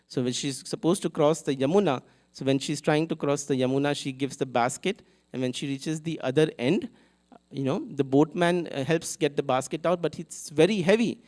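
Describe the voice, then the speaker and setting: Animated man telling a temple story. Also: on the high side. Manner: animated, acts out characters, asks audience questions. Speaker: temple speaker. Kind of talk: storytelling sermon. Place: temple hall. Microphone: live event mic.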